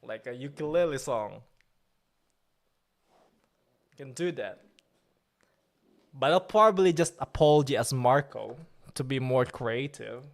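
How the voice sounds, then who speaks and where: A man's voice: mid-range voice, a little slow, creaky, long pauses. A man chatting casually on a live stream, joking and laughing at himself. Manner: joking, laughs often, self-mocking.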